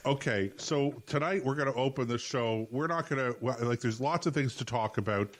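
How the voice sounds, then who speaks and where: A man's voice: mid-range voice, a little fast. A man hosting a podcast who sets out the topics and teases his co-host in casual chat. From Canada. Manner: leads the talk, sets out topics, dry teasing.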